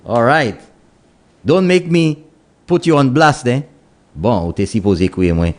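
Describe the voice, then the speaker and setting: Lively Saint Lucian radio host man. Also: medium pitch, a little slow. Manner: playful and teasing, mixes English with Kwéyòl. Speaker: radio talk show host. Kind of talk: morning radio call-in chat.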